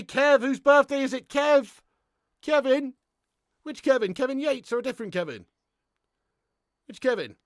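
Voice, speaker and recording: Excitable sweary football watchalong host. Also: male voice, sits high, no room sound, studio quality. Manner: excitable, swears a lot, chats with viewers. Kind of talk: live watchalong commentary.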